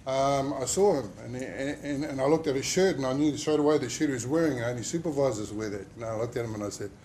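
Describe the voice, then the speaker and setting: In this clip an injured worker shares his emotional story during a workplace safety talk, speaking fast in a mid-range, somewhat mellow voice. His delivery wanders and is packed with fillers, with a slight hiss or hum behind him.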